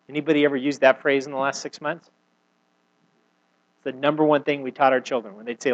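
A middle-aged man preaching a sermon as a pastor, reading scripture aloud and retelling it with expressive emphasis. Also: mid-range voice, quick pace, long pauses, low-quality recording.

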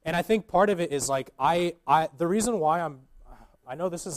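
A man's voice: on the high side, a little fast. A young man giving an earnest, informal sermon as a guest preacher, with many fillers and restarts.

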